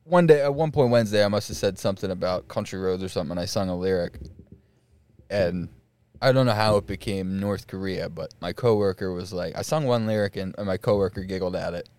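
A man's voice: low-pitched, brisk, a little mellow, no room sound. A young man co-hosting a podcast, telling work stories in casual chat, laughing often and swearing. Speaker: podcast co-host.

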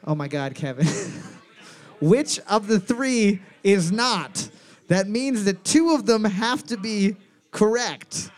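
A man with a notably high voice plays quizmaster in a loose, joking chat with a friend. He reads each question out with deliberate emphasis and often breaks into laughter between them. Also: lively intonation. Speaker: quiz host. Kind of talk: casual chat, reading trivia questions.

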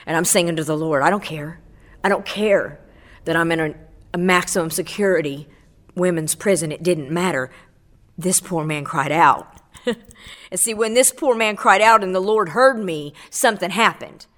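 A woman's voice: on the low side, normal speed, fairly bright tone. A middle-aged woman giving a fervent spoken testimony on a radio program, quoting scripture and swelling on key phrases.

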